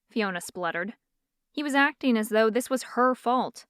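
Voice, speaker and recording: A woman reading an audiobook as narrator in an even, smooth storytelling manner. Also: a little high, unhurried, no echo, studio quality. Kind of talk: scripted narration.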